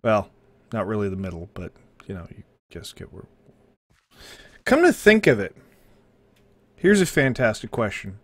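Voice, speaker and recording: A man's voice: lowish voice, huge pitch swings, a little slow, pauses often, husky, no room sound. A man hosting a live stream, reacting to viewer links with sarcastic, swearing commentary that sometimes turns mock-preachy.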